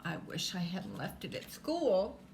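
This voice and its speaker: A woman voicing a forgetful little boy in a read-aloud storybook, answering in slow, sheepish tones. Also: fairly low pitch, huge pitch swings, gravelly, a little mellow, reverberant, slight background noise, exaggerated voice.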